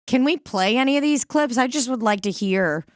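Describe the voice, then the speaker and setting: A woman's voice: fairly high pitch, lively intonation, moderate pace, no echo, clean studio sound. A woman co-hosting a casual comedy podcast, rambling and joking with some swearing. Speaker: podcast co-host. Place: home dining room.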